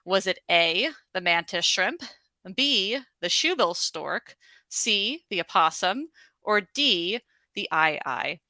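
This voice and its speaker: Bright, chatty woman trivia host. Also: mid-range voice, expressive, slow pace, no room sound. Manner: upbeat, chatty, laughs often, many fillers. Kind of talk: hosting a virtual trivia night. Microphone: video call.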